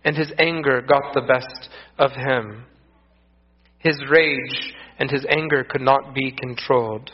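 A man's voice: medium pitch, fairly even intonation, takes it slowly. A man preaching a sermon, earnest and repeating phrases for emphasis. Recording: echoey, dull lo-fi room sound.

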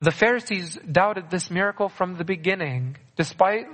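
High-voiced preacher in an echoing hall. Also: male voice, normal speed, fairly bright tone. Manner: earnest, repeats key phrases for emphasis. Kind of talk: sermon. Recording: long reverb of a large hall.

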